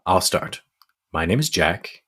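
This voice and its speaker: Mann spielt einen grinsenden Jäger, fröhlich und steif-förmlich, tiefe Stimme, gemächlich. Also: male voice, low voice, big pitch swings, slow, bright, forceful tone, husky, exaggerated voice. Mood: cheerful. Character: grinning cheerful hunter man, odd.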